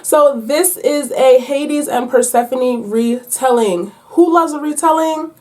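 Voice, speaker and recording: A woman talks to her viewers about books in a lively, chatty vlog. She uses playful slang and teases her audience. Her voice sits a little higher than most women's. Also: slow pace. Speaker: book vlogger. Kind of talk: casual chat to viewers. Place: at home.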